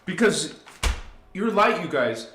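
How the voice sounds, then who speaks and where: A man hosting a live spiritual talk, preaching emphatically to his listeners and swinging from hushed to loud. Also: high voice, very animated, slow, echoey room, slight background noise. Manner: preachy, addresses listeners directly. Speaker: spiritual channel host.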